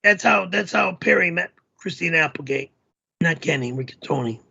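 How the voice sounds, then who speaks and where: A man telling a story on a livestream in a hoarse voice, rambling and hesitant with many fillers. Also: fairly high pitch, expressive, normal speed, pushed and bright, lo-fi sound. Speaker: show host.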